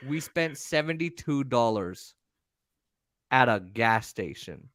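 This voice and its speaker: A man co-hosting a podcast, telling stories in a casual, profane, animated way. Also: medium pitch, slow pace, no room sound, studio quality. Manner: animated, profane, acts out voices. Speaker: podcast co-host. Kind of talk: casual storytelling chat.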